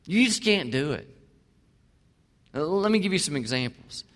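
A male pastor preaching a sermon, swinging from emphatic to quiet. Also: fairly high pitch, lively intonation, moderate pace. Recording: long hall reverb.

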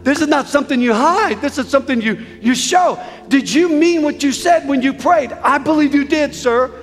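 Male preacher leading an altar call in a big hall, high-pitched, pressing and repetitive. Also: fairly quick. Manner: urgent, repetitive exhortation. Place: large church hall with balcony. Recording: echoey hall with soft music.

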